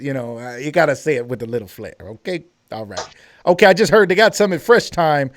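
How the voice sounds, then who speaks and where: A man's voice: on the high side, brisk. A man hosting a live cooking stream, joking, teasing and quizzing his chef guest. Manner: playful, joking, excitable. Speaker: host.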